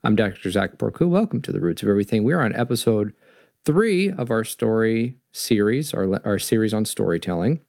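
A man hosting a show about storytelling, reading a children's book aloud and talking through what it means. His voice is gravelly and swings widely in pitch. The recording is dry, with little room sound. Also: a little fast, dry recording. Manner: animated, restarting storyteller. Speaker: host. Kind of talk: reading and discussing stories on a podcast.

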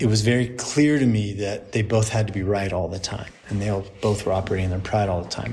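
A man's voice: on the low side, slight background noise. A middle-aged man, a priest, telling a story to a group, acting out the people he quotes and laughing often.

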